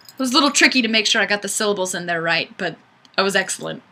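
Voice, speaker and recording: A woman's voice: on the high side, expressive, fast talker, sharp tone. A woman hosting a webcam livestream, reading viewer comments in a chatty, self-deprecating way. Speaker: livestream host. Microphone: webcam mic.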